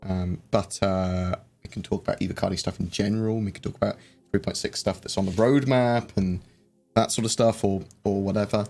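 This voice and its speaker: A man's voice: fairly low pitch, steady tone, fairly quick, gravelly, darkish tone. A man hosting a casual live chat, rambling and hesitant, with lots of fillers and restarts. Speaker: livestream host. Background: faint background music.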